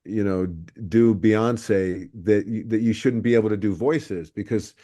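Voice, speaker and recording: A man co-hosting a podcast, chatting in a relaxed, joking way and restarting his sentences often. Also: lowish voice, unhurried. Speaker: podcast co-host. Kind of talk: casual podcast conversation.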